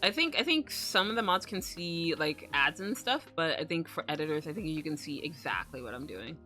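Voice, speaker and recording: A woman's voice: deep voice, animated, brisk, pushed and bright, faint music behind. A young woman streaming, chatting casually in a rambling way, swearing freely and laughing often. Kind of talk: casual livestream chat.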